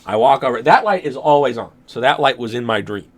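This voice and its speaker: A man's voice: mid-range voice, expressive, brisk. A young man co-hosting a podcast, telling a dream in casual chat, rambling and laughing often. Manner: rambling, laughs often, acts out his own reactions. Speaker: podcast co-host.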